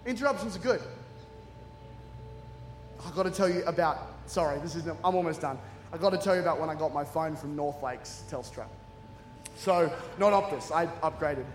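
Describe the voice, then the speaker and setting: Speaking at a normal speed with long pauses, an Australian-accented man with a fairly high voice preaches as a guest in a large church hall before a congregation. His sermon is built on humorous, self-mocking stories punctuated by laughter, with soft background music, hall echo, and faint ambience.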